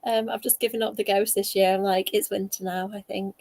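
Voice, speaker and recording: A woman author chatting over a video call, animated and laughing as she tells stories. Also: mid-range voice, brisk, gravelly, crowd noise. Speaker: guest author. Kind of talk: casual video chat.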